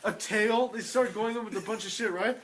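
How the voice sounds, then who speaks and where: A man's voice: sits high, brisk, a bit bright. A teenage young man casually recalling a chaotic class project, rambling and crude with friends. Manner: crude, rambling, laughing recollection. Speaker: podcast co-host. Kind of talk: casual chat.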